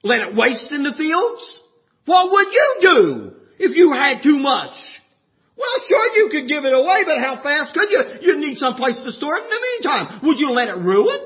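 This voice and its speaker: A man preaching a sermon with passion, rising to shouts and dropping low. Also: very animated, moderate pace, dull audio.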